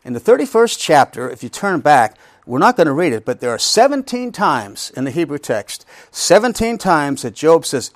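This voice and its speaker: A man's voice: a little high, sing-song, moderate pace, hardly any pauses, no echo, studio quality. A middle-aged man teaching a Bible study, reading scripture aloud, then explaining it with rhetorical questions and frequent restarts.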